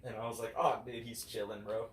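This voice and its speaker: A man's voice: on the low side, fairly quick. A young man co-hosting a podcast, chatting casually with friends and acting out the voices in his stories. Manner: animated storyteller, acts out quotes. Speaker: podcast co-host. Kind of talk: casual chat among friends. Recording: roomy, distant mic with faint hiss.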